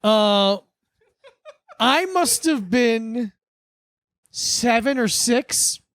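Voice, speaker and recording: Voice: mid-range voice, animated, extremely slow, fairly bright tone, dry recording, studio quality. A podcast co-host from Florida, telling a childhood story in loose casual chat full of "like". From Hollywood, Florida, US. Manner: loose, rambling with many "like"s.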